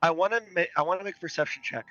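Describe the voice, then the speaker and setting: An excitable man playing a tabletop game who trips over his words as he rushes to act. His tone is bright and sharp. The recording is dry and a little dull. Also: on the high side, no echo, faint music behind. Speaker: player. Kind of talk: casual tabletop game play.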